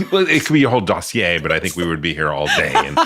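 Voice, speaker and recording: A man's voice: sits low, huge pitch swings, a little fast, a bit bright. A man hosting a casual podcast interview, playful and teasing, often laughing. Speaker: podcast host.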